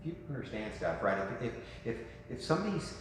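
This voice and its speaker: A man in his fifties coaching a room of real estate agents in a lively, joking way, asking "right?" often. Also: mid-range voice, fast. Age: 50s. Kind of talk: talk to a room. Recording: echoey hall with faint noise.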